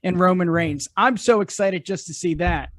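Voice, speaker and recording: A man guesting on a podcast, speaking with excitement and agreeing with the others. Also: high-pitched, normal speed, dry recording, clean studio sound. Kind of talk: casual podcast chat.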